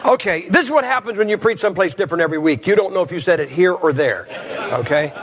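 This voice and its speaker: A man's voice: high-pitched, expressive, fast, a bit bright, some chatter behind, slight background noise. A man preaching a humorous sermon at a church service, telling stories in a blunt, joking way.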